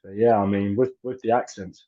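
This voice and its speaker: A man's voice: lowish voice, steady tone, a little fast, dark tone. Hesitant man in his thirties, lo-fi. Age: 30s. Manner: hesitant, many fillers and restarts. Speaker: actor and filmmaker guest. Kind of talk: casual interview chat. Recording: dull lo-fi audio.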